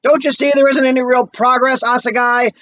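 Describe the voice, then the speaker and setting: A man's voice: extremely high pitch, level tone, brisk, fairly bright tone, voice pushed up, poor audio. Man reading as impassioned young woman student.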